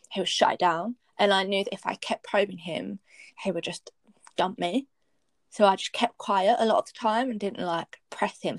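A woman's voice: mid-range voice, no room sound. A young woman, candidly telling a personal story in casual chat, blunt and swearing freely.

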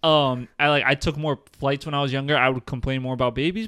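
A man of twenty-two co-hosting a podcast, telling animated stories in casual chat and swearing freely. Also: medium pitch, quick pace, few pauses, smooth, dry recording, clean studio sound. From New Jersey. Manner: animated storytelling, swears freely, restarts words. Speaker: podcast co-host.

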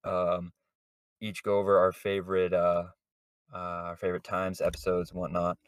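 A man's voice: low voice, completely flat delivery, moderate pace, smooth, dry recording, clean studio sound. A man hosting a casual podcast chat, rambling with many fillers and chuckling often. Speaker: podcast host.

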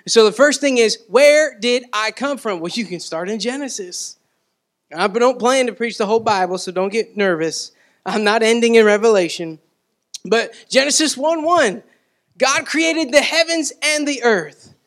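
A man's voice: very high voice, normal speed, a bit bright. A man preaching a sermon as pastor, in a conversational way, repeating words and asking the congregation questions.

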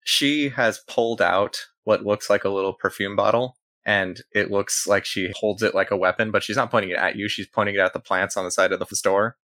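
A man narrating as game master of a tabletop role-playing game, in a quick, loose manner. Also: fairly low pitch, sharp tone, no echo.

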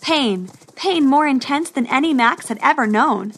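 A woman narrates a storybook adventure with a steady, expressive delivery. Her voice sits a touch high for a woman, and she keeps the story moving evenly. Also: a little slow.

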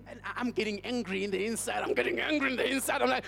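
A man's voice: extremely high pitch, very fast, gravelly, hardly any pauses, a bit bright. A male pastor with a South African accent, preaching a sermon as an emphatic storyteller who repeats his phrases. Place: church hall. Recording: church hall with long reverb.

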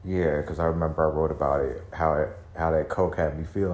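A man's voice: rumbling low, fairly even intonation, a little fast, darkish tone. A man hosting a solo confessional podcast at home, rambling and introspective, cursing freely and trailing off with sighs. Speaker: podcast host. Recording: roomy echo, faint background hum.

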